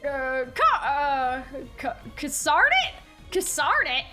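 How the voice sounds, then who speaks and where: Young female streamer, excitable and giggly, very high and lively. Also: takes it slowly, over loud music. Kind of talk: reacting to a game story.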